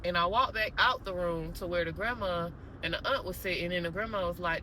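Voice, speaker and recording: A woman vlogger casually telling a story straight to her viewers, animated and conversational. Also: fairly low pitch, brisk, hardly any pauses, a little hiss or hum, poor audio.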